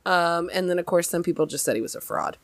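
A young adult woman hosting a podcast, telling a story in casual chat with lively emphasis and many fillers. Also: lowish voice, fast talker, creaky, dry recording. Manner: chatty, animated, many fillers. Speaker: podcast host.

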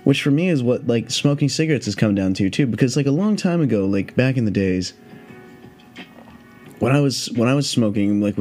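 Male podcast host, low mellow voice, loose profane rambling chat, faint music behind. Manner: rambling, profane, heavy on "like" fillers. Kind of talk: casual solo podcast chat.

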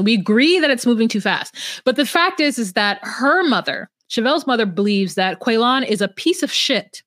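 A woman with a high voice chats casually on a podcast. She recaps a reality show with animated gossip and mimics the people she talks about. The sound is close and dry. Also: no echo. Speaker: podcast co-host.

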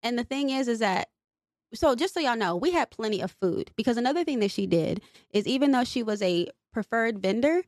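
Animated young woman venting on a podcast. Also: a little high, no room sound, studio quality. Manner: animated, venting, swears freely. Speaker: podcast co-host. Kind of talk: casual chat.

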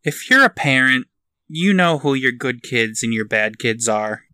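A man with a bright, forceful voice, blunt and profane as a podcast co-host. He talks plainly in casual chat. The sound is dry and close to the mic. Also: mid-range voice, lively intonation, a little slow, dry recording.

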